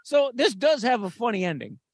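A man's voice: very high voice, big pitch swings, fairly quick, breathy edge, dry recording, studio quality. A man co-hosting a podcast, telling a story in casual chat and swearing freely. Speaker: podcast co-host.

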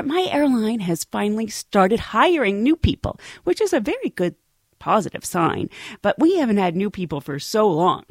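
Woman, flight attendant, playful anecdote, laughs often, lively rising and falling voice, dry close sound. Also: fairly low pitch, no echo. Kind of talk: casual anecdote.

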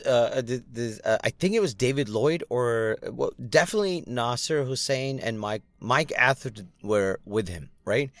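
Man, mid-pitched, casual storytelling, rambling, self-deprecating, dry close sound. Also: no echo. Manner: rambling with many restarts and fillers, self-deprecating. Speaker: comedy night producer and content creator.

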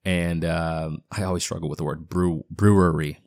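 A man's voice: sits low, level tone, moderate pace, darkish tone, no room sound, clean studio sound. A man in his thirties with a partial Boston accent, hosting his own podcast and giving a casual, rambling solo update with fillers and restarts. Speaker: podcast host. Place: home basement.

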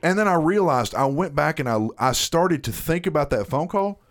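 A man's voice: on the high side, moderate pace. A man in casual chat, telling a story with lots of swearing and acted-out dialogue. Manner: profane, animated, reenacts dialogue. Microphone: headset.

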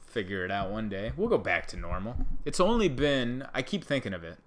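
A man's voice: fairly low pitch, sing-song, fairly quick, fairly bright tone, a little hiss or hum. A man who works as a stand-up comedian, talking to camera in a casual, sarcastic, rambling monologue.

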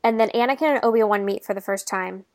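A woman's voice: mid-range voice, steady tone, fast talker, no echo. A woman co-hosting a podcast in casual chat, retelling movie scenes animatedly, giggling and acting out the quotes. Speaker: podcast co-host.

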